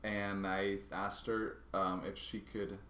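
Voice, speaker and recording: A man vlogging casually, telling a story in a halting way and often restarting his words. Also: low voice, flat delivery, pushed and bright, reverberant, slight background noise. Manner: halting, restarts and repeats words while recounting a grievance.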